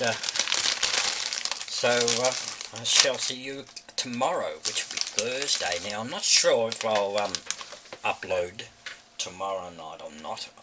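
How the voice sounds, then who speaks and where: A man's voice: medium pitch, recorded from a distance, heavy background noise. An Australian man chatting casually in a vlog, rambling, thinking aloud and chuckling often, recorded indoors. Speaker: vlogger. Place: indoor room.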